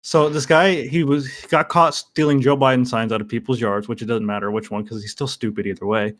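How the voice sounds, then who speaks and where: A man's voice: medium pitch, fairly even intonation, fairly quick. A young man co-hosting a podcast, retelling a news story in a laid-back casual way. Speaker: podcast co-host.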